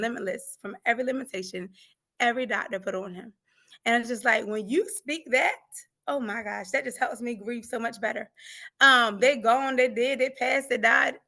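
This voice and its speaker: A woman's voice: a little high, brisk, vocal fry, pushed and bright. A middle-aged woman, a grief coach, passionately telling her story of faith with acted-out quotes. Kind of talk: emotional personal testimony.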